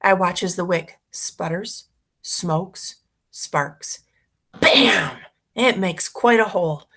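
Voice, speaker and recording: A woman's voice: on the low side, slow, fairly bright tone. A woman reading a children's story aloud expressively, narrating as a boy. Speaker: reader for schoolchildren.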